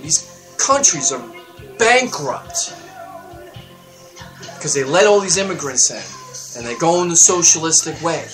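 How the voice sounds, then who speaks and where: A man hosting his own show, delivering a heated political rant that swings up into loud, high outbursts. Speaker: show host. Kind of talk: ranting political monologue.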